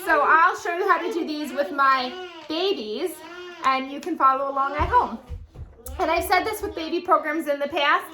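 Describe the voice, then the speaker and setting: A young adult woman, a children's librarian, reading a picture book aloud and leading lap-bounce songs in a sing-song, animated storytime voice. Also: high-pitched, normal speed. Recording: echoey room with faint noise.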